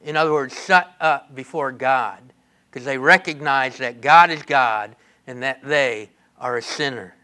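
Bright-voiced man preaching a sermon. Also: medium pitch, unhurried. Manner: earnest, repetitive, many restarts and fillers.

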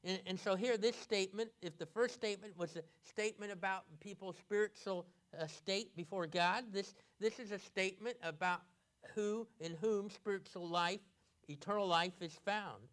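A male pastor preaching an expository sermon, halting with many fillers and restarts. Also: sits high, fairly bright tone, clear, resonant tone.

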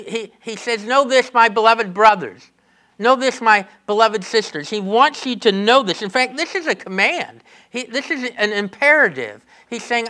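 A man's voice: high-pitched, pushed and bright. A man preaching a sermon in an earnest, repetitive way, with many restarts and fillers.

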